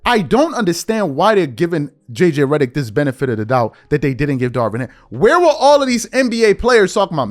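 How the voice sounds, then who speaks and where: Animated man ranting about sports. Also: high voice, fairly quick, hardly any pauses, faint music behind. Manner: animated, confrontational, mocking, calls listeners out. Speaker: podcast host. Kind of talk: heated sports commentary rant.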